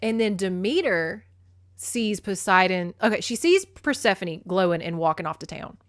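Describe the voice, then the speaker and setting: A woman hosts a podcast in a loose, irreverent chat. Her pitch sits in the middle. The sound is dry and close, with no room echo. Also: lively intonation, normal speed. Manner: chatty, irreverent, laughs often. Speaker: podcast host. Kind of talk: casual book recap.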